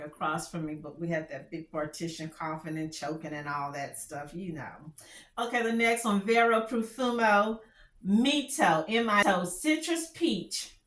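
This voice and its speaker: A woman's voice: lowish voice, a bit bright, echoey room. A woman with a country Texas drawl chatting candidly as she reviews fragrances, often restarting her sentences. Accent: Texan. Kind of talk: casual product review chat.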